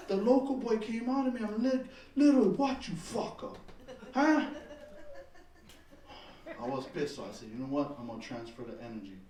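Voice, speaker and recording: Animated, profane stand-up comic man. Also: high-pitched, roomy sound, distant mic. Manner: profane, animated storytelling with laughs. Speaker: stand-up comedian. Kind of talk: stand-up comedy set. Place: comedy club stage.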